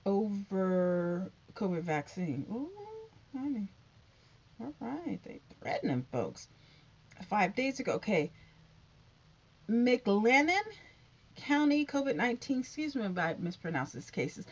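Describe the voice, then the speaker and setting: Chatty woman reading headlines, lively pitch. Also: unhurried, slightly rough. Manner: reads headlines aloud with chatty asides. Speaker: YouTube covid news host. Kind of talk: casual news read-through to viewers. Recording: dull lo-fi sound.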